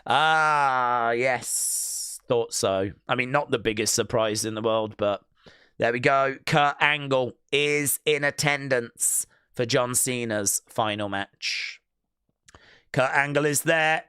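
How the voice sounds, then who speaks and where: A man's voice: mid-range voice, slow, sharp tone, smooth, no room sound, studio quality. A man hosting a live wrestling watch-along stream, chatting casually and reading news items aloud to viewers. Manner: chatty, musing aloud with filler words.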